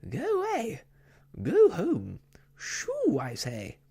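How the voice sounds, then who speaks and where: A shrill, fluttering older lady, voiced by a soft-spoken storyteller in a gentle ASMR storybook. Her voice jumps high and loud as she frets and scolds. Underneath is a breathy, slightly gravelly close-mic sound. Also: huge pitch swings, takes it slowly, heavily acted. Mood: scolding. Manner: prim, scolding, easily tearful. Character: fussy, haughty older woman dog owner.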